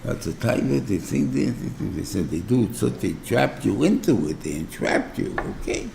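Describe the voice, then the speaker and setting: A New rabbi giving an informal class, talking conversationally, often checking in with "right?" and using everyday examples. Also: male voice, lowish voice, expressive, moderate pace, creaky, dark tone, roomy sound, slight background noise. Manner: explains through everyday examples. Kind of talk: informal Torah class lecture.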